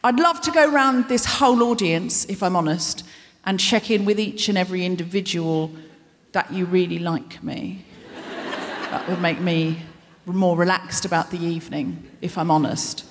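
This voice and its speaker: A woman's voice: on the low side, moderate pace, slight background noise. A woman hosting a live comedy show, giving a self-deprecating stand-up monologue full of rambling asides, in a large concert hall before an audience. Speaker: host.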